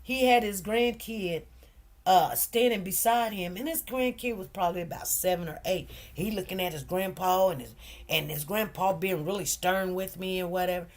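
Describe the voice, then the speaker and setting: A woman's voice: lowish voice, normal speed. A woman hosting a commentary channel tells a personal story straight to her viewers, emotional and repetitive. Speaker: host of a news commentary channel.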